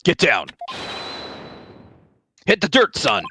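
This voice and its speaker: A man's voice: on the high side, huge pitch swings, takes it slowly, pushed and bright, a little hiss or hum, exaggerated voice. A man voicing a laid-back, teasing middle-aged father in a fan voice-over of a game. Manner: dry, teasing.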